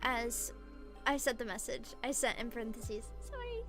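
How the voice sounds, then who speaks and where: A young adult woman streamer chatting casually with her chat, gushing and giggling often, swinging from soft mumbles to shrieks. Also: on the high side, very animated, normal speed, music in the background. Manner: gushing, giggly, frequent laughter.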